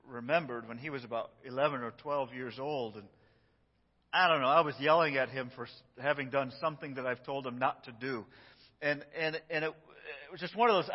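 A middle-aged man preaching a sermon as pastor, telling stories, acting out quotes and chuckling as he goes. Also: mid-range voice. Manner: storytelling, acts out quotes, chuckles often. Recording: dull sound with long church reverb.

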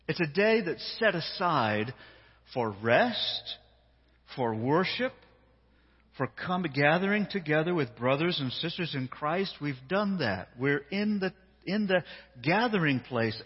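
A man preaching a sermon, acting out a Bible story with a playful, animated manner on a handheld mic in a church hall. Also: high-pitched, slightly rough. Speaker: pastor. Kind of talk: sermon with dramatized reading. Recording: dull sound, long hall reverb.

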